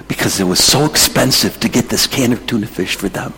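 A man preaching, telling a mission story in an emotional, animated way. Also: mid-range voice, fairly quick, hardly any pauses, in a large hall, poor audio. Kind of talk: sermon storytelling.

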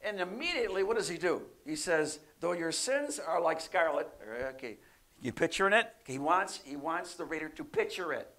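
A man preaching a sermon, often asking his listeners questions and swinging between loud emphatic bursts and soft quiet lines. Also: fairly high pitch, normal speed. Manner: animated, rising loud for emphasis then dropping soft; asks the congregation questions often.

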